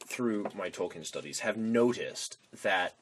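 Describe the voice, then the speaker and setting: A young man co-hosting a casual podcast chat, rambling eagerly through his stories. His pitch swings widely as he talks. A faint hiss and the odd click sit under the voice. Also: lively intonation, unhurried. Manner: enthusiastic, rambling storyteller. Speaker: podcast co-host.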